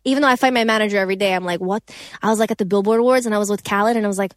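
A woman's voice: medium pitch, fairly even intonation, racing, dry recording, studio quality. A young woman singer talking casually in an interview, rambling and profane with many restarts. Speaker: singer and songwriter.

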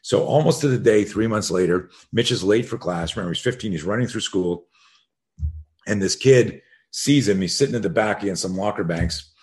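This is a man with a fairly low voice, speaking as a guest on a podcast. He is a self-defense coach recounting a story, blunt, casual and sometimes profane. He breaks into sharp, animated bursts whenever he acts out the lines of the people in it. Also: normal speed. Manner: animated, re-enacts dialogue in vivid bursts; frank and profane.

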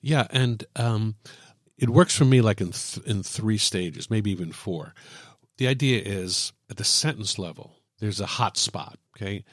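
A man with a low voice explains writing craft in a thoughtful, example-filled way. The sound is dry and close, with no room around it. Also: a little slow, dry recording. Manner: thoughtful, illustrates points with examples and jokes. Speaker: writing teacher. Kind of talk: explaining on a podcast.

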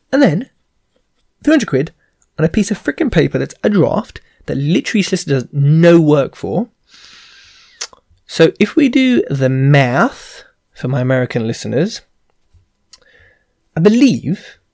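A man hosting a podcast, ranting in an animated, sarcastic and exasperated way. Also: a little high, gravelly. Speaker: podcast host, property investor. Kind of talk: casual ranting monologue.

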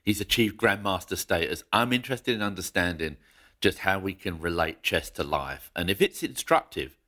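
A man hosting a podcast, reading a formal introduction in a measured, announcer-like way. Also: low-pitched, sharp tone, no room sound, studio quality. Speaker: podcast host. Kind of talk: reading a formal introduction, then casual chat.

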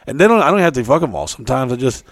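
A man's voice: medium pitch, sing-song, racing, no echo, studio quality. A young man in casual chat, telling crude stories in a rambling, loose way.

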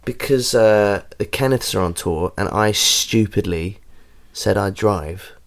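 A tired man hosts a podcast with a lowish voice. He rambles through his stories in casual chat and swears freely along the way. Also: takes it slowly, creaky. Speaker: podcast host.

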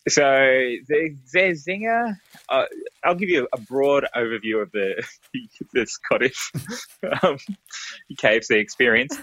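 A man talking casually from an airport, relaxed and laughing, with many hesitations. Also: mid-range voice, takes it slowly, no echo, lo-fi sound. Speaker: podcast co-host. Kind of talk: casual podcast chat.

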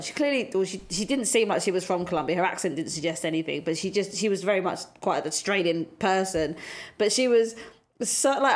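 A woman co-hosting a casual football podcast, chatty and full of fillers, swearing now and then. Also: on the low side. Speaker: podcast co-host.

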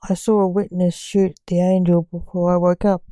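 A woman's voice: lowish voice, level tone, normal speed, warm tone, clean tone, dry recording, close to an everyday voice. A woman voicing a scared young male magician, the reaper king's son, speaking timidly and reluctantly.

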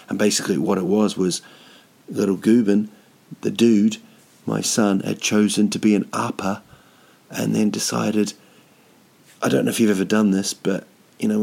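Gravelly, low man rambling. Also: darkish tone. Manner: hesitant, many ums, dry self-mocking humour. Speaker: touring comedian. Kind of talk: casual rambling monologue. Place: at home, sitting indoors.

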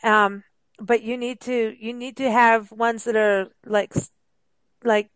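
A woman's voice: fairly high pitch, fairly even intonation, takes it slowly, a bit bright, clean tone, no echo. A woman hosting a radio talk show, chatting enthusiastically with her guests and exclaiming often. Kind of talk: casual chat.

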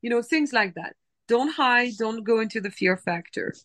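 Animated motivational woman, dry close sound. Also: a little high, moderate pace, no room sound. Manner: animated, motivational, acts out inner voices. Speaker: guest, dubbing producer. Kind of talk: casual podcast interview.

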